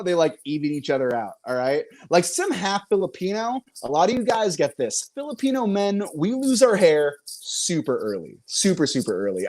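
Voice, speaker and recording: A man's voice: on the high side, darkish tone. A young man doing a self-mocking stand-up set, chuckling between jokes. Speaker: comedian and show host.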